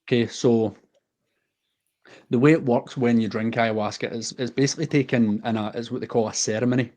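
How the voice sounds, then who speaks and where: A man's voice: medium pitch, steady tone, fairly quick, darkish tone. A man from the west of Scotland with a Scottish accent, a podcast guest telling a personal story in an earnest, heartfelt and unguarded way.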